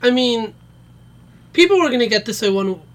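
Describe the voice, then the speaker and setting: A podcast co-host with a mid-pitched voice adds short, dry reactions to the group chat. The remarks are brief and matter-of-fact, with little fuss. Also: lively intonation, moderate pace.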